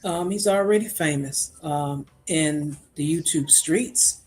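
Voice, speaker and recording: A guest on a live stream call giving brief, measured answers. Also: mid-range voice, a little mellow, slightly rough. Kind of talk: casual live stream chat.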